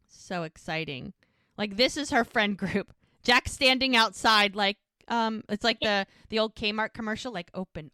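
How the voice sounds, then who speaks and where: A woman co-hosting a podcast, retelling a TV episode in an animated, chatty way and quoting the characters. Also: mid-range voice, clear, resonant tone, no echo, studio quality. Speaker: podcast co-host. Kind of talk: casual recap of a TV episode.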